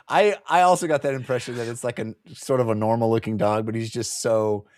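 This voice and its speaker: A man chats through a novel's plot with a co-host, rambling and joking. His voice sits at a middle pitch. It is recorded dry and close, with no room sound. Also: steady tone, brisk, no echo. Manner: rambling, laughing, jokey retelling with put-on quotes. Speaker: book club podcast co-host. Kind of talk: casual chat.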